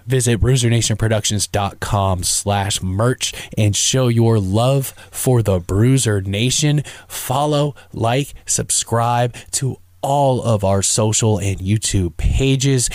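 Man, podcast host, relaxed slangy storyteller, dry close sound. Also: medium pitch, takes it slowly, hardly any pauses, no room sound. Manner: laid-back, chatty, slang-heavy.

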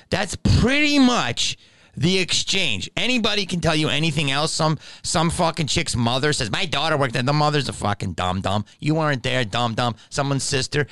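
A man's voice: on the high side, lively intonation, moderate pace, sharp tone, no room sound. A man in his fifties hosting a podcast, telling a story as a heated, profane rant full of mockery. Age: 50s. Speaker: comedian podcast host.

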